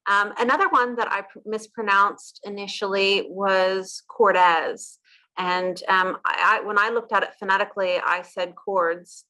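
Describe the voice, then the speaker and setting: An American woman hosting a casual interview, chatty and quick, laughing easily at her own mistakes. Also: mid-range voice, steady tone, sharp tone, rough recording. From United States. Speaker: host of a rose channel.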